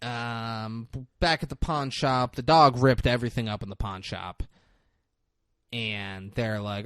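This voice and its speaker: On a clean studio recording with no room sound, a male podcast co-host speaks at a measured pace in a medium-pitched voice. He casually recaps a movie, animatedly performing the characters' dialogue, swearing included.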